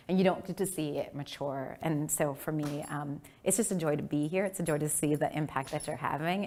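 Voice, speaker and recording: A woman in her thirties giving a keynote speech, telling stories with animated delivery and acted-out family voices. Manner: animated, acts out family voices with big pitch jumps. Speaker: keynote speaker. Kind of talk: storytelling speech.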